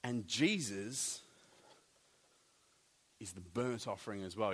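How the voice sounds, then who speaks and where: A man preaching a sermon, animated, with jokey asides and big swings between loud and soft. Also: lowish voice, normal speed. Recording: long hall reverb.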